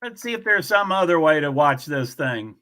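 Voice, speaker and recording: A man's voice: a little high, lively intonation, normal speed, bright, forceful tone. A man hosting a casual livestream, chatting with viewers and reading their comments aloud in a blunt, offhand way. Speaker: livestream host.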